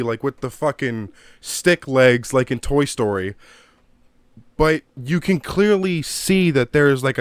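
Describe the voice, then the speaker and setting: A man's voice: medium pitch, clean tone, no echo, studio quality. Swearing man ranting about a movie. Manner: profane, rambling, gets worked up. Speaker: video creator reviewing a movie. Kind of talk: casual ranting commentary. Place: home room. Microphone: own desk mic.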